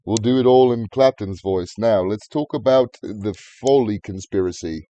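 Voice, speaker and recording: A man's voice: fairly low pitch, normal speed, mellow, no room sound, muffled recording. A man co-hosting a podcast, talking in crude, joking casual banter and now and then putting on silly voices. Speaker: podcast co-host.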